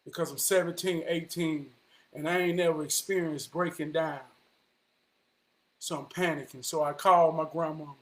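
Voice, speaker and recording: A man, telling a personal story in an animated, vernacular way. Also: fairly high pitch, moderate pace. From Charlotte, North Carolina. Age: 40s. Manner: animated, vernacular, quotes people in dialogue.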